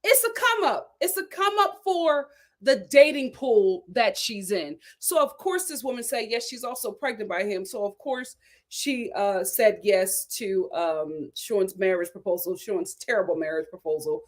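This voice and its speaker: A woman's voice: mid-range voice, unhurried. A woman hosting a reality TV recap, talking casually and sassily, laughing and acting out the people she quotes. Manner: sassy, animated, laughing, acts out quotes.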